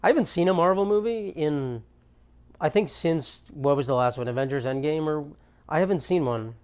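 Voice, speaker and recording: A man's voice: on the high side, normal speed, a little mellow, clean tone. Ranting young man comedy monologue. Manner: ranting, exasperated, profane storytelling. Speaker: comedian podcast host. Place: apartment.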